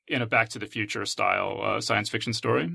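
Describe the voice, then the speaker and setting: A man hosting a podcast, relaxed as he sums up a story at length in casual chat. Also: fairly low pitch, brisk, creaky, slightly rough, no echo, clean studio sound. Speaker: podcast host.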